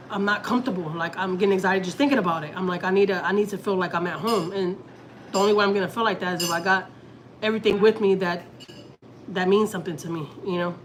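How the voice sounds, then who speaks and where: A woman's voice: medium pitch, a bit bright, slight background noise, rough recording. A woman from Texas talking casually as a family vlogger, rambling and emotional, with lots of restarts and fillers. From Houston, Texas. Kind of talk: casual personal chat.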